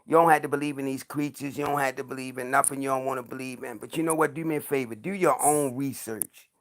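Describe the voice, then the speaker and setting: A man's voice: medium pitch, fairly even intonation, fast. A man talking casually about creature sightings, earnest and insistent, often repeating himself. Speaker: podcast host. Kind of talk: casual chat.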